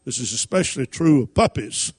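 A man's voice: medium pitch, expressive, brisk, a little mellow, breathy edge. A man preaching a sermon, reading King James scripture and using folksy everyday stories.

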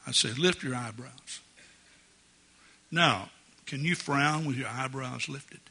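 A man's voice: medium pitch, slow, bright, forceful tone, slightly rough. An older man preaching a sermon as pastor in a church, folksy and jovial, chuckling often. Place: church sanctuary.

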